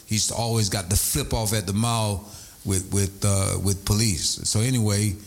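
A man preaching a sermon, animated, breaking into shouts and sing-song emphasis. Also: on the low side, unhurried.

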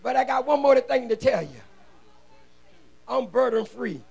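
A man preaching a shouted revival sermon in a church, fervently chanting and exhorting the congregation in call-and-response. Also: extremely high pitch, animated, unhurried. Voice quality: gravelly, husky. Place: church sanctuary.

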